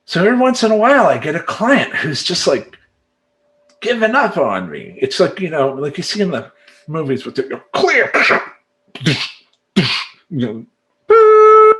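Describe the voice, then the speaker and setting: A man's voice: on the high side, big pitch swings, normal speed, fairly bright tone. A man talking as a life coach in a rambling, emphatic monologue, acting out his clients and making sound effects. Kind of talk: casual monologue to camera.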